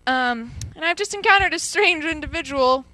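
A woman playing an awkward, clueless field reporter in a spoof comedy sketch, speaking in halting, fumbling phrases. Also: high-pitched, animated, sharp tone, no echo. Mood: bumbling.

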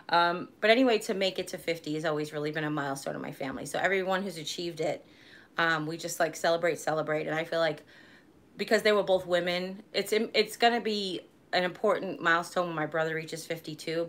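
A woman in her forties with a fairly low voice talks to her viewers in a loose, rambling way. She chats casually and laughs easily as she goes. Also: a bit bright. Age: 40s. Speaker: vlogger hosting a live stream. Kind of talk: casual live-stream chat.

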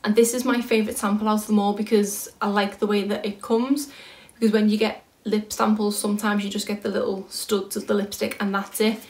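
A woman's voice: medium pitch, little pitch movement, fairly quick, darkish tone. Chatty British woman in an echoey room. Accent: British English. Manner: chatty, thinking aloud while working out prices. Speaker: beauty vlogger. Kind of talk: casual product haul chat.

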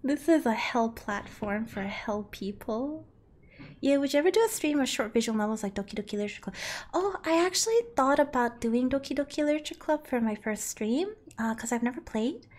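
A woman's voice: fairly high pitch, animated, brisk, a little mellow. Giggly woman streamer chatting with chat. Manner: giggly, reads chat aloud and answers playfully; yelps and grunts while playing. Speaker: streamer playing a climbing game. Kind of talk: casual live-stream chat.

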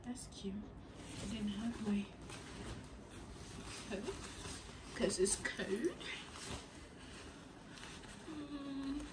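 A woman's voice: a little high, extremely slow, long pauses. A woman vlogging in a casual, chatty way, giggling and often half-whispering. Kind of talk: casual vlog chat. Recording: noisy background ambience.

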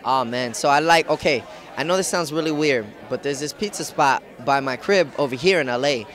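A man's voice: medium pitch, brisk, fairly bright tone, some chatter behind. A man competing on a singing show, chatting casually in an interview with laid-back slang and lots of "like" and "dude". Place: outdoors at a studio lot.

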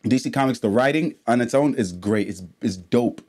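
Ranting, profane man vlogging his reactions. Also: normal speed. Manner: swings from low mumbling to heated loud outbursts. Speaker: reaction channel host. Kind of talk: casual reaction vlog commentary.

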